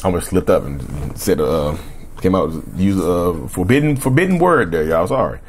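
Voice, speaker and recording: A man hosting a casual solo podcast, talking in a rambling, repetitive way with a slightly rough throat he keeps clearing, and often asking the listeners "right?". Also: low-pitched, expressive, moderate pace, a little hiss or hum. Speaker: podcast host.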